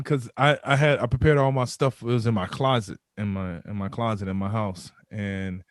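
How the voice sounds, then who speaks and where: A man's voice: on the low side, moderate pace, hardly any pauses, no echo, clean studio sound. Man telling a raw personal story. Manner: animated storyteller, acts out his own inner voice. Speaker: podcast guest. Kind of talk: candid storytelling interview.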